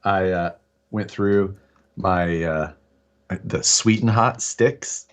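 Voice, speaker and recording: A man's voice: sits low, takes it slowly. A man co-hosting a casual live stream, talking in an easygoing, rambling way with many fillers. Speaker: co-host of a hobby live stream.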